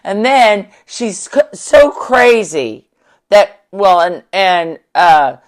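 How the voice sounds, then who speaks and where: A woman's voice: medium pitch, animated, very slow. A woman from the Ozarks, the host's mother, chatting casually with short interjections and laughing denials. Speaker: podcast co-host, the host's mother. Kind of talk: casual chat.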